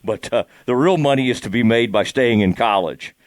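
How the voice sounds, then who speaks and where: A man's voice: medium pitch, moderate pace, slight background noise. A man hosting a casual chat, asking easygoing, rambling questions. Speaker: podcast host.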